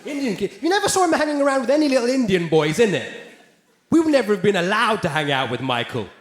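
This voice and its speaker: A man doing loud, brash stand-up comedy with lots of swearing and quick switches into character voices. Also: sits high, big pitch swings, slight background noise. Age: 40s. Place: large theatre with a live audience. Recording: echoey live venue recording.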